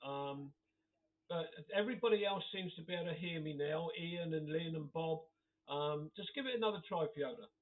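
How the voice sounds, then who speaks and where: A man's voice: on the high side, moderate pace. Friendly man, casual live-stream chatter, giggly, thin phone-quality recording. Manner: chatty, laughs often, reads out comments. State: occasional cough. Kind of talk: casual chat to live viewers. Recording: tinny phone-like audio.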